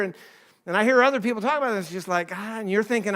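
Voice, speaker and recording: Middle-aged male pastor, higher voice, conversational sermon, acts out quotes. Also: fast. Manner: conversational, acts out quoted voices, swings between soft and emphatic.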